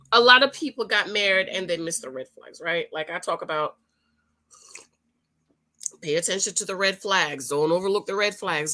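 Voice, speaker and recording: A woman's voice: on the low side, sharp tone. A woman vlogger and author chatting casually and talking directly to her viewers. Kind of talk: casual chat.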